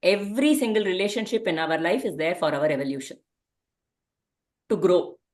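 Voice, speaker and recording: A woman's voice: on the low side, lively intonation, normal speed, a little mellow. Woman teaching a parenting class. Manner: conversational, asks the listeners rhetorical questions.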